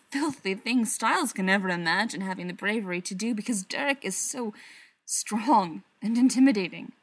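Female narrator reading a story aloud, soft delivery that often sinks to a whisper. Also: a little high, dry recording. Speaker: story reader.

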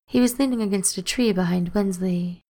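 A woman's voice: mid-range voice, moderate pace, warm tone. Woman narrating an audiobook.

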